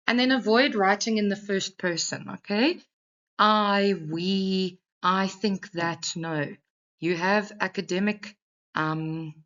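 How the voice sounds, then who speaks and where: A woman's voice: mid-range voice, fairly bright tone, lo-fi sound. A woman English teacher giving an exam revision lesson, talking a class through a text and often checking in with "okay".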